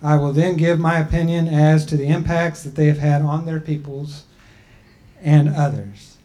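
A man giving a talk and telling a traditional creation story in a measured, deliberate way with frequent pauses. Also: fairly high pitch, flat delivery, mellow. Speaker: speaker.

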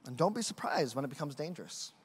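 High-voiced pastor guy preaching, lively storytelling, long echo in the church. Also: fast talker, husky. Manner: animated storytelling with acted quotes. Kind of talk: sermon.

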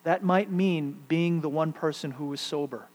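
A middle-aged man preaching a sermon, shifting between loud emphatic peaks and hushed, quiet stretches. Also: fairly high pitch, normal speed. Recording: long hall reverb, faint mains hum.

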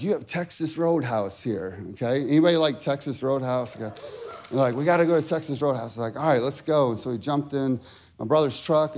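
A man preaching, telling a personal story with strong emotion that builds from quiet talk to shouted peaks. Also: medium pitch. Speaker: pastor.

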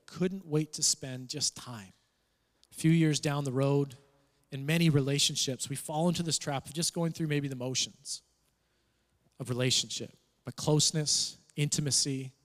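Man, pastor, high voice, sermon, animated storytelling, long church-hall reverb. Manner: animated storytelling with acted-out quotes.

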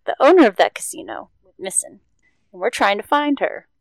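A woman's voice: medium pitch, wildly swooping pitch, brisk, no echo. A woman voicing a male adventurer in a tabletop game, in an easygoing, reassuring manner. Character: male adventurer, level-headed leader. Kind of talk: tabletop role-play voice.

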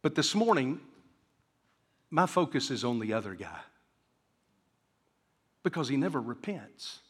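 A man's voice: mid-range voice, sing-song, a little slow, slightly rough, long reverb tail. A man preaching a sermon to a congregation, acting out the voices of the people in his story. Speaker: pastor. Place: church sanctuary.

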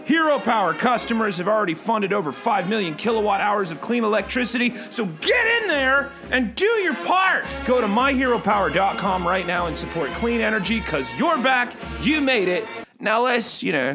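A man's voice: high-pitched, very animated, normal speed, hardly any pauses, pushed and bright, soft background music, full character voice. A man doing Chad, a rambling cartoonish bird. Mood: salesy. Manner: rambling, goofy, self-talking asides. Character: bored hyper male bird podcast host. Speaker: podcast host. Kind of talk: comedic character podcast. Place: home recording booth.

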